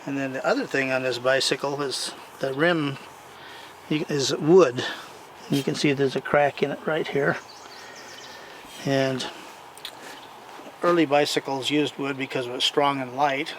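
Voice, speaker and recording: A man's voice: medium pitch, a bit bright. A man casually showing off his old bicycles and telling stories in a rambling, folksy way, recorded outdoors. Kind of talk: casual show-and-tell storytelling. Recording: distant mic with clear outdoor noise.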